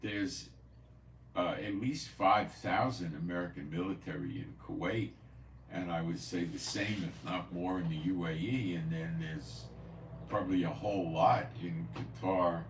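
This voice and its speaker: A man's voice: sits low, reverberant, distant mic, slight background noise. A man hosting a prophecy news channel, talking casually and rambling, repeating himself now and then. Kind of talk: casual commentary. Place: home in Israel.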